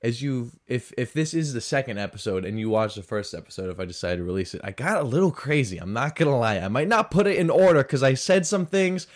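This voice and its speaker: A man hosts his own podcast in a loose, crude rant. His pitch swoops up and down all over. He jumps from loud outbursts to half-whispered asides. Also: fast, few pauses. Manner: animated, swings between loud and muttered asides. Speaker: podcast host. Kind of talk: casual solo rant.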